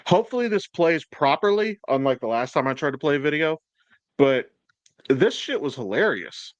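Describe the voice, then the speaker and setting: Brief: chatty male podcast host, swears freely, fairly high voice, dry close sound. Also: sing-song, normal speed, no echo. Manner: profane, rambling, laughs often. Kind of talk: casual chat.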